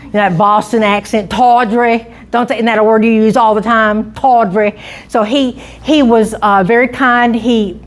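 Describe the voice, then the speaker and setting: A woman's voice: a little high, steady tone, normal speed. Chatty woman telling local history. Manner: chatty storyteller, frequent restarts and asides. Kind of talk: informal public talk.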